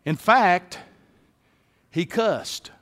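Male pastor, sermon delivery, high voice, deliberate pace, hushed-to-emphatic swings. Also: lively intonation. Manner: preacher cadence, drops to hushed lines then rises to emphatic calls. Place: church sanctuary. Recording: long hall reverb.

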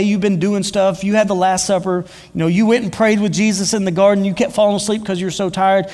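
A male preacher gives a casual storytelling sermon, with a fairly high voice for a man. He talks in loose spoken style, with fillers and repeated words, and long reverb hangs on his voice from a large hall.

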